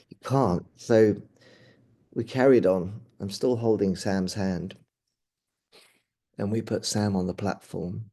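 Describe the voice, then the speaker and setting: A middle-aged man, a paramedic, recounting a personal experience in an interview, halting and earnest with frequent restarts, often dropping quiet. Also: on the low side, fairly even intonation. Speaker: paramedic guest.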